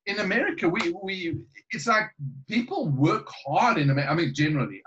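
A man's voice: high-pitched, big pitch swings, fairly quick, fairly bright tone, lo-fi sound, a little hiss or hum. Rambling, chuckling man. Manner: chuckling, rambling with many restarts. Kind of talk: casual storytelling chat.

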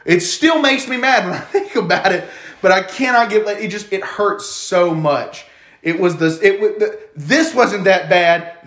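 A man on a podcast telling a personal story in casual chat. He is animated and often laughs as he talks. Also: high voice, measured pace. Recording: roomy echo.

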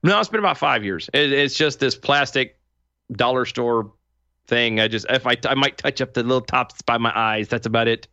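Radio co-host guy rambling and joking, bright punchy voice, kinda dull sound. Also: medium pitch, moderate pace, smooth, dry recording. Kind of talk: casual radio show banter.

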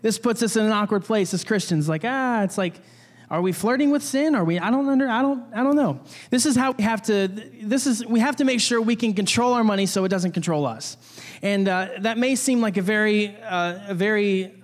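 A man's voice: high voice, in a large hall. A young man preaching a casual sermon, talking conversationally with restarts and jokey asides. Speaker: pastor.

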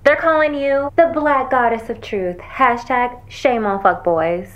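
An actress playing an excited young woman friend delivering big news in casual slang. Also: on the high side, measured pace, dull audio, natural voice. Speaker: Ivy.

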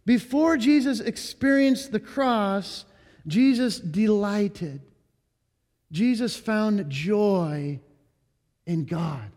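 A male pastor preaching an earnest sermon, slowing down and leaning into key words. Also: high-pitched, a little mellow, big-room sound.

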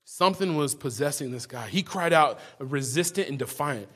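A male pastor delivers a sermon in a fairly high, husky voice. He talks in a loose, conversational way, circling back and repeating words as he works through his thoughts. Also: expressive, normal speed, few pauses, a bit bright. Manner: conversational preaching, frequent restarts and repeated words.

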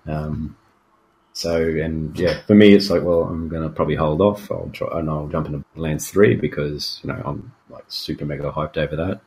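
Very deep-voiced Australian man chatting. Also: fairly even intonation, normal speed, darkish tone, slight background noise. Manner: rambling, loose, frequent fillers. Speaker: podcast co-host. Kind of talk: casual gaming chat.

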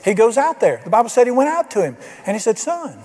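A man's voice: extremely high pitch, big pitch swings, fast, a little mellow. A man preaching a sermon, telling folksy stories and acting out the people he quotes. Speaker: pastor. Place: church sanctuary. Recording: long reverb of a church hall.

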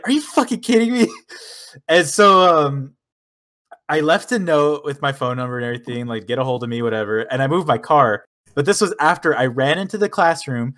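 A man's voice: medium pitch, a bit bright. Young man rambling through a story. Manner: rambling anecdote, laughs and swears. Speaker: podcast co-host. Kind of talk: casual chat.

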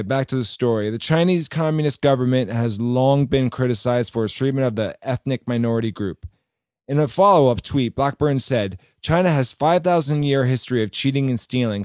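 A man's voice: mid-range voice, darkish tone, no room sound, clean studio sound. A man hosting a podcast in casual political commentary, loose and blunt, swearing freely as he reads and reacts to news stories. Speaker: podcast host.

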